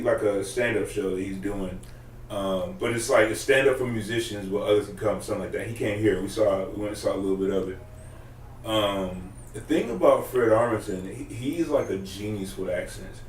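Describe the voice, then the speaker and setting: A man's voice: on the low side, moderate pace, recorded from a distance. A man chatting casually in a loose, profane, rambling way. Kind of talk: casual podcast chat. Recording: roomy, off-mic, faint room noise.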